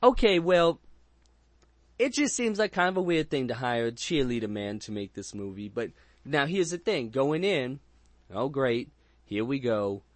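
A man's voice: fairly high pitch, very animated, moderate pace, dry recording. A man hosting a casual movie review chat, rambling and crude with frequent restarts and jokes. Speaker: podcast host.

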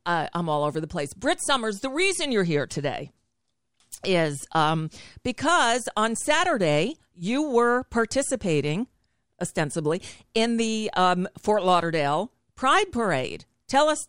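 A woman's voice: mid-range voice, sing-song, moderate pace, fairly bright tone, no echo, studio quality. A woman hosting a talk show over a video call, chatty and digressive, laughing as she goes. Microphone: video call setup.

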